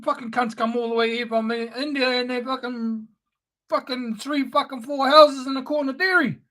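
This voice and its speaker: High-pitched angry New ranter. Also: steady tone, normal speed, bright, forceful tone. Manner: angry, profane, sneering. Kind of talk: spoken-word rant.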